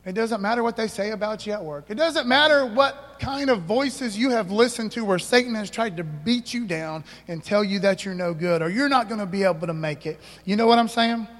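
A man's voice: high-pitched, normal speed, a bit bright, in a large hall. A man pastor preaching a sermon, emphatic, calling out to the congregation for responses.

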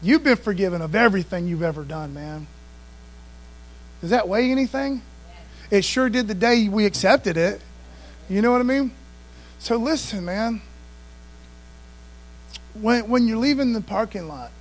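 A man's voice: sits high, poor audio. A man preaching a sermon in a conversational style, often calling out to the congregation for responses. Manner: conversational preaching, frequent call-outs to the congregation. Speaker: pastor.

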